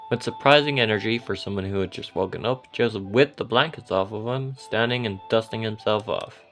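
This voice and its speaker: A man giving soft, gentle and unhurried second-person story narration. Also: fairly low pitch, faint music behind.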